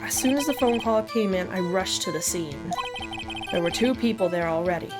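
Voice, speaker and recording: A woman's voice: fairly low pitch, lively intonation, normal speed, loud music behind the voice, close to an everyday voice. A woman voicing an eager, bumbling male police detective from a video game on a livestream, saying "sir" and "pal" and stammering when nervous. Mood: blustering.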